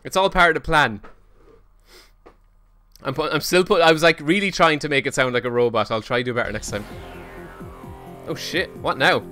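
A man gives running commentary while he plays a video game on stream. He swears freely and jokes at his own expense. His voice is bright and edgy, and faint game music runs behind him. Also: a little high, moderate pace, long pauses. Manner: excitable, self-mocking, swears often. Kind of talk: casual let's-play commentary.

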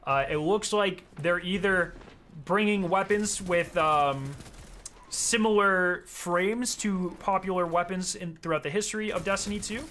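A young male streamer chatting over his gameplay in a slightly high, bright, forceful voice. He is excitable, swears freely and breaks into sudden loud outbursts. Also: a little slow, a little hiss or hum. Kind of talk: casual gameplay commentary.

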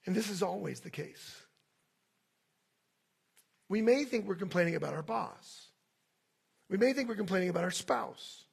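Gravelly high-voiced man preaching. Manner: animated, acts out complaining voices. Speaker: pastor. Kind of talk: sermon.

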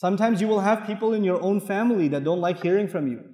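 Fast, high-voiced man preaching in a hall. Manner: animated, rhetorical questions, recites Arabic verses. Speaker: Islamic lecturer. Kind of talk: sermon. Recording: echoey hall with long reverb.

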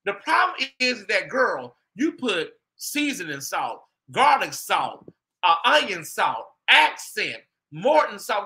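Male host, high and sharp-toned, gossipy casual chat with viewers. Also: slow pace. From United States. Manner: chatty, gossipy, animated asides to viewers.

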